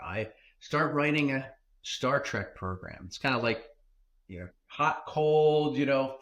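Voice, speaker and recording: A man who is a former tech executive, telling a story as a podcast guest in an animated way, with fillers and self-corrections. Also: on the high side.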